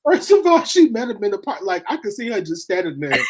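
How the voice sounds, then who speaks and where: A woman's voice: on the high side, a little mellow, husky. A woman hosting a casual panel chat, reading listener posts aloud and laughing often as she goes. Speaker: host.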